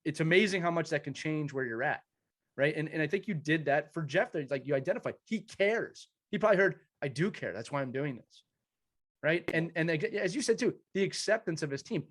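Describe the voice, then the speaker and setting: A man's voice: a little high, fast talker. Earnest male podcast host, storytelling. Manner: earnest storytelling with many restarts. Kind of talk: conversational interview.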